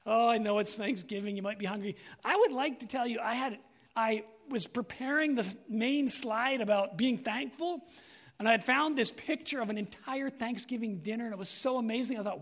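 A man's voice: very high-pitched, moderate pace, fairly bright tone. A man preaching a sermon as pastor, earnest and asking his congregation questions.

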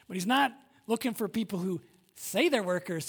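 A male pastor preaching a sermon with lively energy, swinging between loud emphasis and hushed moments, acting out quoted voices. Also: sits high, normal speed, breathy edge. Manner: acts out quoted voices of listeners and God.

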